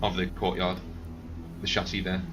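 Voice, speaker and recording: A man narrating as game master of a tabletop role-play, rambling and halting with many fillers. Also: sits low, level tone, over music.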